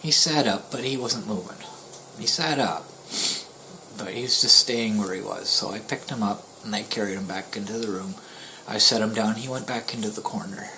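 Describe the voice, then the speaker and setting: A man vlogger telling a personal story in a somber, halting way, often pausing, restarting and dropping to a near-whisper. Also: fairly low pitch, slight background noise, rough recording. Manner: halting and soft-spoken, with pauses, restarts and dips into near-whispers; somber, grieving tone. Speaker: YouTuber.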